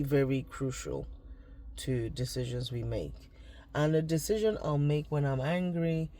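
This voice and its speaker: A man's voice: on the high side, dark tone. A man from Nigeria, talking through personal reflections in a casual diary vlog, often trailing off and restarting his thoughts. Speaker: vlogger.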